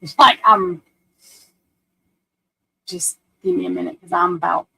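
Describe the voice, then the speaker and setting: A woman's voice: lowish voice, steady tone, a little slow, creaky, sharp tone, husky, low-quality recording. A woman, hosting a casual livestream at home, chatty and self-deprecating, talking to viewers and her computer. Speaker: livestream host.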